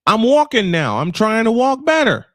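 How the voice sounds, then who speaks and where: Guy in his 50s ranting on a livestream, pretty high voice, swears a lot, dry close sound. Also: wildly swooping pitch, normal speed, a bit bright, no room sound. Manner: angry, frustrated, profane outbursts; emphatic repetition. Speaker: livestream host. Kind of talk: emotional personal monologue. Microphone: camera off, voice only.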